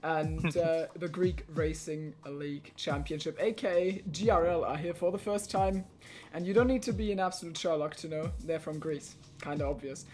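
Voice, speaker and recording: A man's voice: fairly high pitch, normal speed, music in the background. A man hosting and commentating a live online racing tournament in a chatty, jokey way, running the show. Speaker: host commentator.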